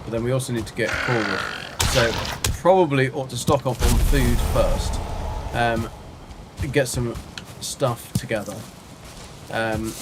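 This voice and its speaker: A man's voice: mid-range voice, noisy background. A man chatting casually while livestreaming a game, rambling and answering his chat as he plays. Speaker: game streamer. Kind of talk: casual live gameplay chat.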